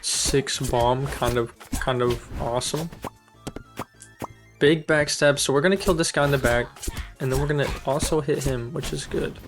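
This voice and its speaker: A man's voice: mid-range voice, normal speed, music in the background. A young man giving casual, upbeat commentary while playing a video game, thinking aloud and amused by his own plays. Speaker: gaming streamer. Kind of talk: casual let's-play commentary.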